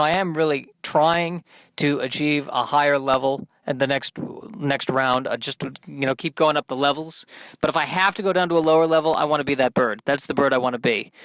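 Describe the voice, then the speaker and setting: A man hosting his own podcast, rambling from one thought to the next in a self-deprecating way. His voice sits fairly high for a man. The sound is dry and close, with no room heard. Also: a bit bright, dry recording. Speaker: podcast host. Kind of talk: stream-of-consciousness solo monologue.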